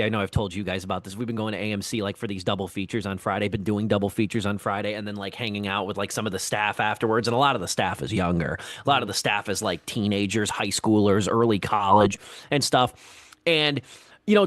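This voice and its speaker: A man's voice: fairly low pitch, fairly bright tone, no echo, studio quality. A man co-hosting a film podcast in casual chat, talking in a reflective, meandering way. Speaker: podcast co-host.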